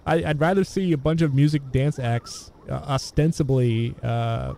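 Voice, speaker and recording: A man's voice: medium pitch, normal speed, vocal fry, warm tone. A man chatting casually about old films, rambling with many restarts and fillers. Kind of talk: casual film discussion.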